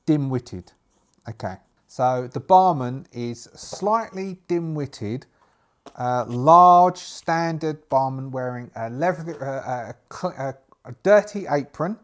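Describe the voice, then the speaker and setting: A man narrating his solo tabletop game, thinking aloud and pausing over his moves. His voice is mid-pitched and his delivery halting, full of restarts.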